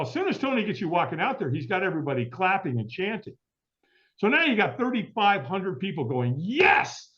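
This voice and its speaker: A man's voice: fairly high pitch, a bit bright. A middle-aged man telling a long story as an interview guest, acting out the voices of the people in it. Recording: dull lo-fi audio.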